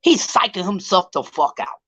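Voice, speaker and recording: A man's voice: high voice, very animated, normal speed, sharp tone, slightly rough. A man ranting on a casual livestream about boxing, profane and heated, often stretching and repeating words as he builds his point. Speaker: boxing commentary vlogger.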